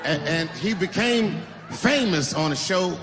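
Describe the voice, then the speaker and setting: A male comedian doing stand-up, telling a story in a punchy, animated way. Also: high voice, a little slow, in a large hall, music in the background, crowd noise.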